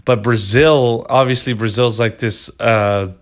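A man's voice: medium pitch, fairly even intonation, measured pace. Rambling, profane man hosting a podcast. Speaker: podcast host. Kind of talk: casual solo podcast monologue.

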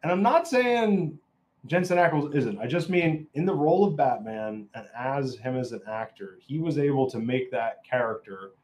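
A man's voice: medium pitch, animated, moderate pace, a little mellow, slight background noise. A man giving a casual, opinionated film review, rambling and often restarting his sentences.

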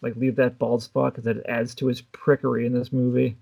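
A man co-hosting a casual film podcast, talking in a relaxed way with wry asides. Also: medium pitch, fairly quick, vocal fry, breathy edge. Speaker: podcast co-host.

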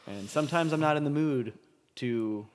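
A man's voice: fairly high pitch, normal speed, a crowd in the background. A man co-hosting a podcast in easygoing casual chat, often chiming in with short agreements. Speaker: podcast co-host.

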